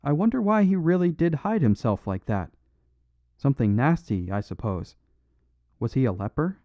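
A man voicing a London detective with a high, crowing voice meant to sound cheery and conversational. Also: very animated, normal speed, no room sound, lightly acted. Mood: uneasy chatter. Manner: forced cheery chatter. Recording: dull dry recording.

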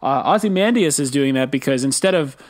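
A man's voice: mid-range voice, lively intonation, a little fast. A man co-hosting a podcast, explaining points in a casual, wry way. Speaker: podcast co-host. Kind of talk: casual chat.

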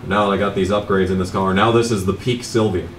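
A man's voice: sits low, fairly even intonation, quick pace, reverberant, far from the mic, slight background noise. A young man commentating on a racing game as he plays, rambling casually and cursing at the game in frustration. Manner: grumbling, profane, laid-back rambling. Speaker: gameplay commentator.

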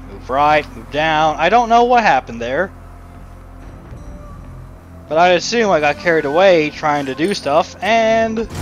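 Rambling man narrating his gameplay. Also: medium pitch. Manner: rambling, chatty self-talk with frequent asides to the game. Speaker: let's play commentator. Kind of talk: casual gameplay commentary. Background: game music.

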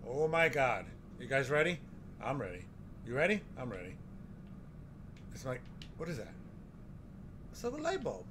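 Male gaming streamer, jittery and gasping, very lively pitch, audible background noise. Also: normal speed, long pauses. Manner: jumpy, gasping, nervous and excitable. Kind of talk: horror game commentary.

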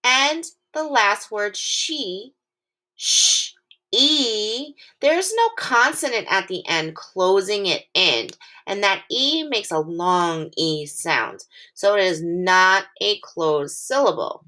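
This phonics teacher has an animated, bright, forceful mid-range voice, and she patiently encourages young children while sounding out letters slowly and clearly.

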